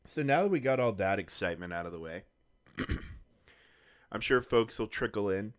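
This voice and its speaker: Low-voiced man chatting on a game stream. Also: animated, moderate pace. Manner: rambling, chatty, swears casually. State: hiccups. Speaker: gaming streamer. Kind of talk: casual live-stream chat.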